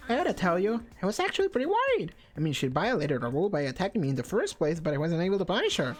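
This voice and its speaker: A woman's voice: lowish voice, big pitch swings, racing, faint music behind, pitched above the performer's own voice. A woman voicing a gleeful, mischievous male bear mascot in a video game, with a British accent and a taunting, sing-song manner.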